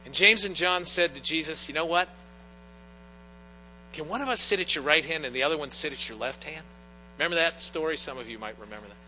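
Middle-aged pastor man telling stories in his sermon, bright voice, long echo in the church, bit of hum. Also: a little high, a little fast. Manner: earnest, storytelling with personal anecdotes. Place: church sanctuary. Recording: long church reverb, faint mains hum.

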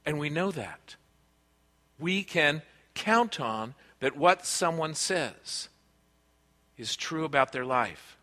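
This pastor's voice is a little high and animated, pushed and bright, moving slowly with long pauses. He preaches earnestly and conversationally, drawing on stories from his own family life, while a large hall adds long reverb.

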